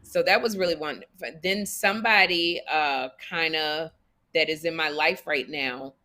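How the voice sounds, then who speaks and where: Forceful, bright-voiced woman co-host. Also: sits low, normal speed. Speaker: podcast co-host. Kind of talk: casual podcast chat.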